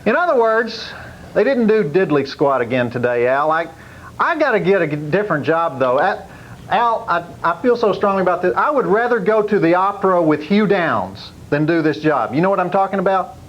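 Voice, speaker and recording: A man's voice: high voice, lively intonation, fairly quick, a bit bright. A man delivering comic convention commentary in a folksy, exasperated rant. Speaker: convention correspondent. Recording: dull 1990s TV broadcast.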